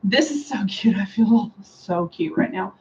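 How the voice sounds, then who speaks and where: A woman's voice: mid-range voice, lively intonation, a little slow, darkish tone, highs cut off, slight background noise. Chatty, sarcastic woman with a drawl. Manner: chatty, sarcastic, laughs often. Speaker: beauty vlogger. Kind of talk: casual hair tutorial chat. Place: home room with a fan.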